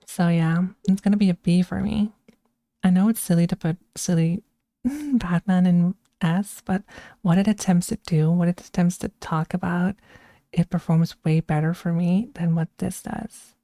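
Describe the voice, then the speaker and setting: A woman streamer chatting casually and giving her opinions in an unhurried way. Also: on the low side, fairly even intonation, mellow, no echo, studio quality. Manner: unhurried and opinionated, with frequent restarts. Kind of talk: casual chat, ranking films.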